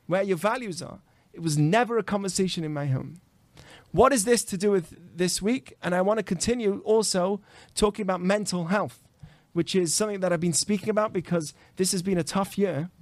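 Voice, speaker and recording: A man, a rabbi, giving an animated podcast talk full of rhetorical questions. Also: sits high, no echo. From grew up in a committed Jewish home.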